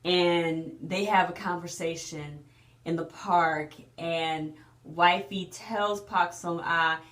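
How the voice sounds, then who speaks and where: A woman's voice: fairly low pitch, fairly even intonation, takes it slowly, fairly bright tone, reverberant. A woman casually recapping a drama episode, chatty and emotional with lots of fillers and restarts. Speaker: drama reviewer.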